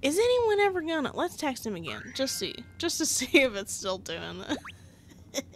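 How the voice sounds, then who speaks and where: A young woman talks through a story game in casual commentary. Her voice sits high and swings widely in pitch, and she breaks into frequent laughs and easy swearing when something annoys her. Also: sing-song, normal speed, slight background noise. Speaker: gamer playing a story game.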